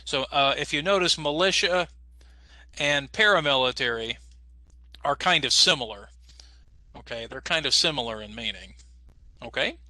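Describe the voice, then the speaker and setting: A man teaching an English as a second language class over a video call, explaining patiently and slowly with lots of fillers. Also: mid-range voice, animated, pushed and bright, dry recording. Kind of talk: online class instruction.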